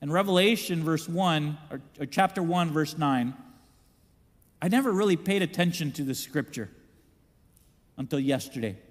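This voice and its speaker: A man preaching a sermon in an animated way, acting out the voices he quotes. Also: on the high side, moderate pace, pauses often, in a large hall. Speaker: pastor.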